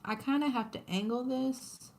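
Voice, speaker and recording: A woman's voice: sits high, normal speed, a little mellow, slight background noise. A woman, chatting casually with her viewers on a craft livestream while she embroiders. She talks to her audience, laughs often and narrates her work as she goes.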